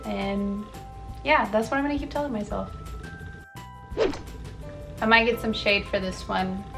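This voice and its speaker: A young woman in a casual vlog chats about her life in a mid-pitched, everyday voice. She leans on fillers and trips over a word now and then before moving on. Faint music plays quietly under her talk. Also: a little slow. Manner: chatty, filler-heavy, self-correcting, frequent "like" and "um". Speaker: wellness vlogger. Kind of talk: casual chatty facts video.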